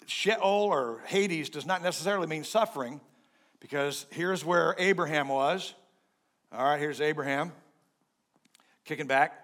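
A pastor preaching a sermon in a joking, conversational way, swinging between loud and soft. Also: male voice, a little high, measured pace, pauses often.

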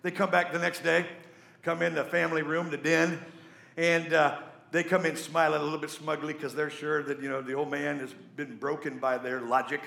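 A man's voice: fairly high pitch, normal speed, creaky, reverberant. A middle-aged man preaching a sermon, telling stories with jokey asides. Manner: storytelling, animated, jokey asides. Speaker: pastor.

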